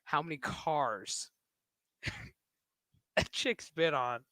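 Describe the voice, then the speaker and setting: A man on a livestream, talking slowly in a bright, forceful voice. He rants crudely and mocks people, often laughing at his own remarks. The sound is dry and close. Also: on the high side, no echo. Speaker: streamer. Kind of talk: casual livestream rant.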